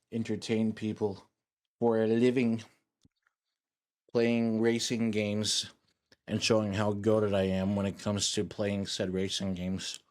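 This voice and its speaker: A man's voice: on the low side, a little mellow. Drowsy, rambling young male streamer. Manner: rambling and jokey, addressing chat. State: drowsy after a meal. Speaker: VTuber streamer. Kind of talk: casual live-stream chat. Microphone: streaming microphone.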